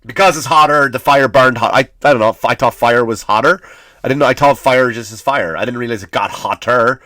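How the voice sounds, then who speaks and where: Guy ranting on his comedy podcast, sweary and sarcastic, keeps tripping over restarts, bright punchy voice. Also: mid-range voice, brisk, dry recording, clean studio sound. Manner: profane, blunt, sarcastic; stammering restarts.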